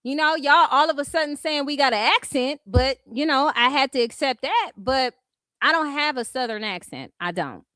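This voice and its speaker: A woman's voice: high voice, animated, normal speed, sharp tone, no room sound. A woman from California with a Californian accent, ranting bluntly and profanely to her viewers in casual commentary. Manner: blunt, profane and sassy, addressing viewers as "y'all". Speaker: commentary streamer.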